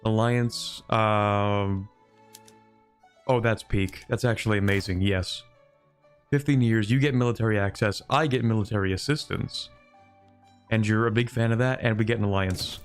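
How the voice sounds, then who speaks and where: Guy streaming a strategy game, chatty and excitable, quiet music in the back. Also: on the low side, moderate pace, clear, resonant tone. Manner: animated, talks to the game and chat, bargaining. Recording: faint music behind.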